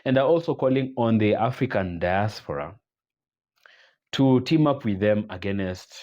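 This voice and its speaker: A man hosting his channel, giving measured commentary and quoting old sayings. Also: on the low side, lively intonation, a little mellow, lo-fi sound. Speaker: channel host. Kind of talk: commentary video.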